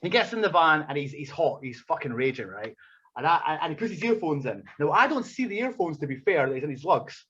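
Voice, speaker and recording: A man's voice: fairly high pitch, fairly quick, muffled recording, a little hiss or hum. A man, a wrestler, tells a profane anecdote on a podcast, swearing freely and acting out the scenes. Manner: swears a lot, acts out scenes, animated storyteller. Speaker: wrestler telling a story as a podcast guest.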